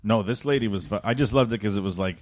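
Low-voiced, profane male podcast co-host. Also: quick pace. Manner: profane, wry storytelling. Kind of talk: casual comedic chat.

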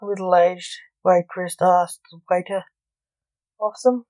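A woman narrates a short story in a plain, even reading. Her voice sits on the low side and moves very slowly. The recording is dry and close. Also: dry recording, low-quality recording.

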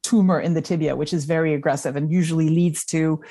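A middle-aged woman speaks as a guest in a relaxed conversation. Her voice sits a little low, and she tells a hard personal story openly, moving between emotion and wry humor. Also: quick pace. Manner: candid, emotional, storytelling with self-deprecating humor. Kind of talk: casual conversation.

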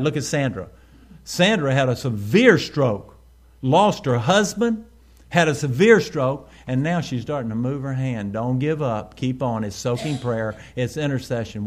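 A male pastor, preaching a sermon with sudden swells in volume and slowed, stressed phrases. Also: mid-range voice.

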